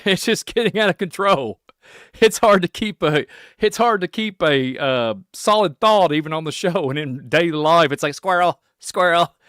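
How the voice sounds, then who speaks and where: Man, Kentucky accent, solo podcast host, rambling, excitable, laughs a lot, fairly high voice, dry sound. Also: moderate pace, dry recording. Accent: Kentucky Southern American. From Kentucky, USA.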